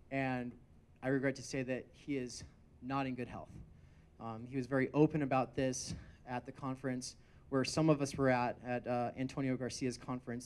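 A man's voice: medium pitch, a little mellow. A man introducing a guest speaker at an event, talking in a loose, casual way with many fillers and restarts.

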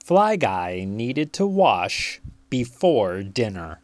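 A children's book reader telling a picture-book story aloud, slow, deliberate and expressive. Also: mid-range voice, no echo.

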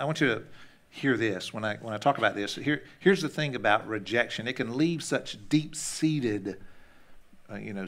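Male pastor, mid-pitched, casual sermon delivery with loud-soft swings. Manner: conversational, repeats words when restarting; shifts between loud emphasis and hushed asides.

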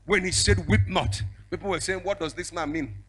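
A male evangelist, preaching a fiery sermon with prophetic declarations. He moves between shouted declarations and a low storytelling voice. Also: moderate pace, breathy edge. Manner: bursts into speaking in tongues.

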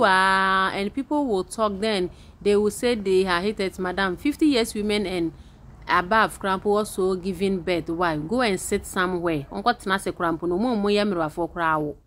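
A woman's voice: medium pitch, slight background noise. Sassy Ghanaian woman reading comments. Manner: switches between English and Twi, sassy asides. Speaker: commentary host.

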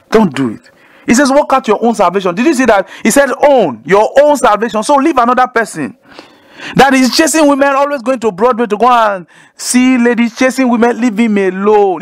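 A male preacher, teaching the Bible to callers in an emphatic way and repeating key phrases. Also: sits high. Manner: emphatic, repeats key phrases, asks listeners to say lines with him.

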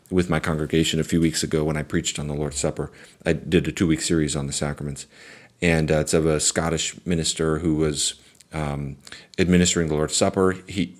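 A man, a pastor, giving an earnest, thoughtful talk on theology, pausing with fillers and restarts as he reflects. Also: rumbling low.

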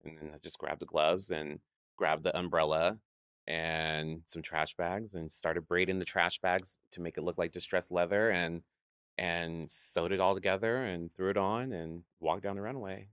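Drag performer guest, male, fairly low voice, lively storyteller, dry studio mic. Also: normal speed, clear, resonant tone, no room sound. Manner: animated, acts out quoted voices, laughs often. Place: podcast studio.

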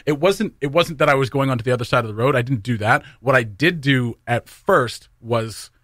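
A man's voice: mid-range voice, a little fast, no echo. Chatty Canadian man, dry studio sound. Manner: rambling, animated storyteller, trails off mid-sentence. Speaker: radio show regular. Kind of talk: casual studio chat. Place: radio studio.

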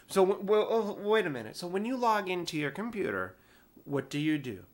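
A man's voice: sits high, fairly quick. Guy telling old it support stories, exasperated and jokey, voice jumps all over. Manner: animated, exasperated, self-mocking. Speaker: storyteller, former IT support worker. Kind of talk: casual personal storytelling.

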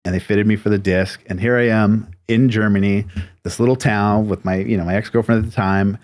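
A man's voice: lowish voice, steady tone, brisk, darkish tone, dry recording. A man, a tattoo artist from the United States, telling a long story in a casual, rambling interview manner with many fillers. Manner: laid-back, rambling, lots of "like" and "you know".

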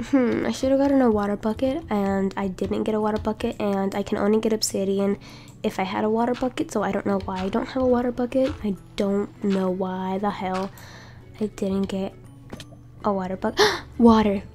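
Excitable young woman gaming. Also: medium pitch, brisk, faint music behind. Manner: excitable, gasping, repeats herself. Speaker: gaming YouTuber. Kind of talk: excited Minecraft let's play commentary.

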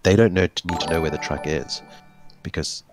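Deep-voiced man running a tabletop game. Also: moderate pace, over music. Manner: explanatory, wry, laughs at his players. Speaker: game master. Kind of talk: running a tabletop role-playing game over a call.

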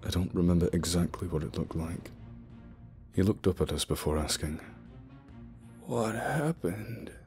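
A man narrating a spooky story in the first person, telling it in a steady, low-key way. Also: brisk. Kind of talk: scripted horror narration. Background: soft music.

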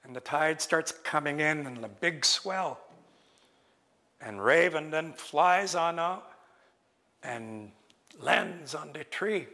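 A man telling a traditional story live in a lecture hall, slow and expressive, acting out each character. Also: on the high side. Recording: long reverb of a lecture hall.

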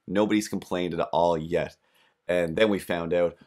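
Low-voiced rambling podcast host. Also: male voice, fairly even intonation, normal speed, darkish tone. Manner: rambling, self-deprecating. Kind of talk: comic storytelling monologue.

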